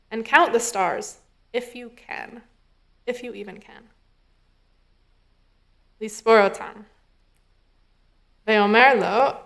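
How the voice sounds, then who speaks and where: A woman's voice: mid-range voice, creaky, a bit bright. Woman rabbinic intern preaching in a chatty, thinking-aloud style; mid-range voice. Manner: conversational, thinking aloud with fillers and quoted dialogue. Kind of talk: sermon. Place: synagogue sanctuary.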